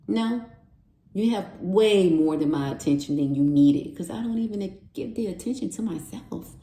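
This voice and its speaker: A woman's voice: fairly low pitch, lively intonation, moderate pace, warm tone. A woman giving a tarot reading, heartfelt and encouraging, repeating affirmations over and over. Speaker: tarot reader. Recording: roomy echo.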